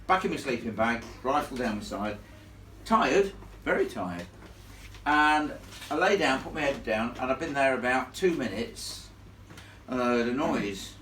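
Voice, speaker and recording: A ghost storyteller tells a true ghost yarn to a live audience at a measured pace, his medium-pitched voice swinging widely as he piles on blunt, salty asides in an animated way. He is recorded from far off in an echoey room, with a faint hum of ambience behind him.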